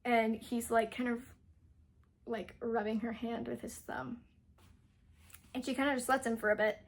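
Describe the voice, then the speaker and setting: A young woman chats her way through a novel's story as a book reviewer, wandering from point to point with constant fillers and easy giggles. Her voice sits a little high and has a soft, breathy grain. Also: flat delivery, normal speed. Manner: rambling, full of "like" and "um" fillers, giggly. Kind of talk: casual plot retelling.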